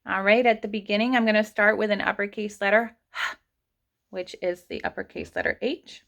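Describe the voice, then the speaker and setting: A woman's voice: mid-range voice, fairly even intonation, moderate pace, creaky, fairly bright tone. A woman teaching an online kindergarten writing lesson, patiently sounding out letters and words for young children.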